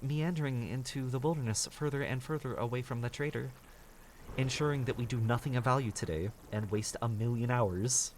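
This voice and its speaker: A man's voice: mid-range voice, a little fast, darkish tone, a little hiss or hum. A man streaming a survival game, grumbling and swearing at his bad luck and mocking himself as he plays. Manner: grumbling, profane, self-mocking. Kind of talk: casual gameplay commentary.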